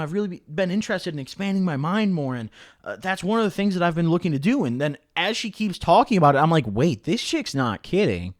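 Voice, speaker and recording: A young man telling a story on his vlog in a casual, animated way, swearing often and dropping low and quiet when he quotes himself. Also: dry recording, clean studio sound. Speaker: YouTuber.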